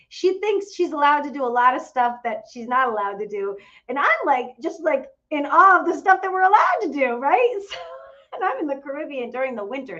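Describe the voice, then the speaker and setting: A woman's voice: high voice, a bit bright, lo-fi sound. A woman casually telling a travel story to her followers, chatty and full of fillers and quoted dialogue. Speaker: host of a travel group channel.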